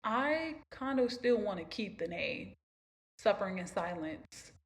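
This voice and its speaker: A woman's voice: mid-range voice, expressive, unhurried, a little hiss or hum. A woman hosting a podcast, talking about her own life in an emphatic, repetitive way and preaching encouragement to listeners. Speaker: podcast host. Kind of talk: personal motivational talk.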